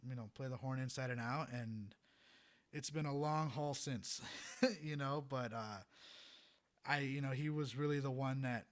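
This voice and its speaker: A young adult man, a trumpet player, telling a story as a podcast guest in a rambling, animated way, laughing often and filling with "you know". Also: medium pitch, measured pace. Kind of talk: casual storytelling in a podcast interview.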